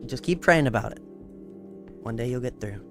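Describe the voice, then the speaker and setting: A man streaming a game while chatting about Christian faith, explaining scripture earnestly and gently cautioning viewers. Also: medium pitch, expressive, moderate pace, over music. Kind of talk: casual faith chat while gaming.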